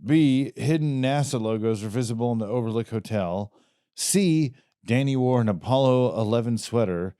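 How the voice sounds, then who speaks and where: Chill podcast dude reading quiz questions, man, mellow tone, no room echo. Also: mid-range voice, normal speed, clear, resonant tone, clean studio sound. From Southern California. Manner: laid-back, says "dude" a lot. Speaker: comedy podcast co-host reading trivia questions. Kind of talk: casual banter, reading quiz options.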